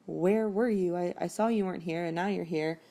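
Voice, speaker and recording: A woman's voice: on the low side, fairly quick, warm tone, close to an everyday voice. A woman voicing a bewildered young man who talks in a flustered, complaining way.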